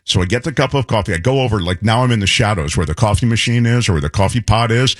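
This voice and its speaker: A middle-aged man co-hosting a radio show, telling a story in a lively way and acting out the voices of the people in it. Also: lowish voice, fast, slight background noise. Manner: animated storyteller, acts out voices. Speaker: radio co-host. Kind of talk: casual chat, anecdote telling.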